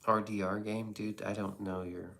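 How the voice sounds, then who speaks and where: A man's voice: on the low side, little pitch movement, normal speed, pushed and bright. A man casually reading viewer comments on a live stream, sarcastic and crude, slipping into whispers and mock voices.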